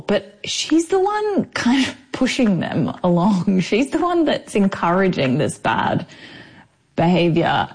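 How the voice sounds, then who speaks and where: A woman's voice: fairly low pitch, a little mellow, slightly rough. A woman with an Australian accent, an actress talking casually in an interview, chatty with many fillers. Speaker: actress, guest.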